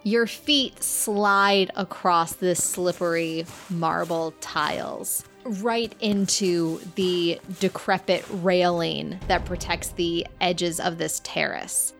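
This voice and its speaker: Woman game master, gravelly low voice, calm descriptive narration. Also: soft background music. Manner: measured, descriptive scene-setting.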